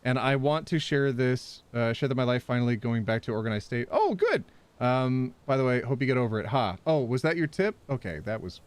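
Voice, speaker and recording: A man's voice: mid-range voice, fairly quick. A man live-streaming a game, chatting with viewers, yelping and laughing as he plays. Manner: animated, yelps and laughs while playing, chats with viewers.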